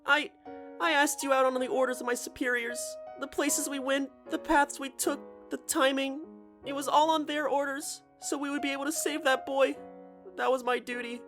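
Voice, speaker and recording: A man voicing a timid, tearful young woman time traveler who speaks softly and apologetically through sniffles, in a dramatic audiobook reading. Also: extremely high pitch, flat delivery, moderate pace, soft background music, voice pushed up. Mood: tearful, apologetic.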